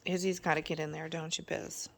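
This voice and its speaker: A woman at home filming her dogs on a phone, talking to them in coaxing baby-talk that swings from soft murmurs to high excited calls. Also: fairly quick, gravelly. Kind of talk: casual talk to pets.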